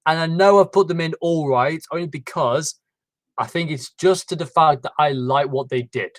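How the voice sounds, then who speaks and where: A man's voice: a little high, normal speed, no room sound, rough recording. A man hosting a casual livestream, rambling with many fillers and restarts. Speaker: livestream host. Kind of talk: casual chat.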